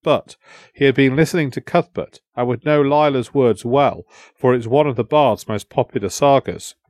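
A man reading a historical adventure novel aloud in a measured storytelling voice. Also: mid-range voice, a little mellow, no echo, studio quality. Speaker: audiobook narrator. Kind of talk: storytelling narration.

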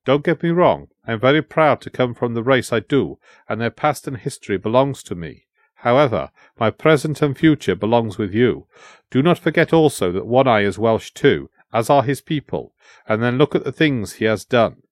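A man voicing a calm, reflective companion in an audiobook, speaking earnestly and evenly. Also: medium pitch, normal speed, dry recording, clean studio sound, close to an everyday voice. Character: thoughtful male Welsh companion, calm and earnest.

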